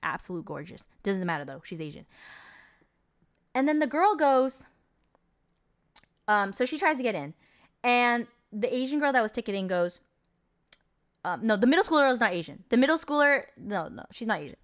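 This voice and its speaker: A woman's voice: a little high, very animated, moderate pace, long pauses, a bit bright. A young adult woman streamer chatting casually, telling a long story in a rambling, incredulous way with lots of fillers. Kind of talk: casual stream chat recapping a movie.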